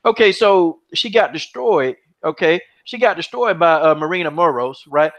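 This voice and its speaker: A man's voice: fairly high pitch, animated, normal speed, fairly bright tone. A man hosting an MMA podcast who talks in a heated, mocking way, repeating himself and swearing freely. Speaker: podcast host. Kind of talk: heated casual MMA chat. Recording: dull, lo-fi podcast audio.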